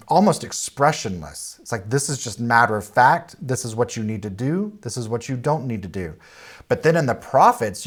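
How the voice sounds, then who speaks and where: A man teaching a church Bible study lesson in a conversational way. He speaks plainly, often pauses on "uh," restarts phrases, and explains with lists of example words. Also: a little high. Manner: plain-spoken, with frequent "uh" and restarts.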